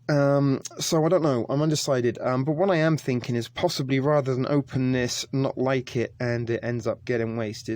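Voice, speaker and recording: On camera, a man with a medium-pitched, slightly mellow voice casually reviews a ration pack. His talk is hesitant and chatty, full of ums, in the style of a laid-back food review vlog.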